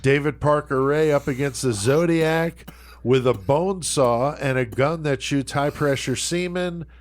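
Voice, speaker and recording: A man's voice: on the high side, unhurried, a little hiss or hum. A man co-hosting a comedy podcast, laid-back, laughing along and setting up the segment. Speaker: podcast co-host. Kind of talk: casual chat.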